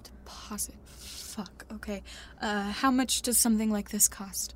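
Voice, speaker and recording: A woman's voice: medium pitch, fairly even intonation, normal speed, slight background noise, natural voice. An actress playing a frustrated young woman in her twenties who is troubled by recurring nightmares. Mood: worried. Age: young adult. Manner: frustrated, sarcastic, swearing.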